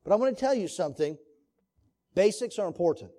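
A man's voice: high voice, animated, brisk, dark tone. A man teaching a church class on marriage in a sermon style, earnest, putting questions to the listeners. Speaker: Sunday school teacher.

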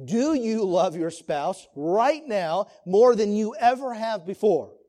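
A man delivers a sermon-style lesson to a church class, earnest and questioning. His voice sits high for a man yet sounds mellow and warm rather than bright. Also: lively intonation, slow pace. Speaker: Sunday school teacher.

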